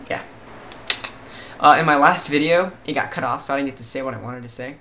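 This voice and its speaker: Tired guy vlogging in some made-up mixed accent, mid pitch, lots of um and uh, bit of hiss. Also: fairly quick, pushed and bright. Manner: hesitant and rambling, many fillers and restarts; puts on a vague mixed foreign-sounding accent. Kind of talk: casual chat to camera.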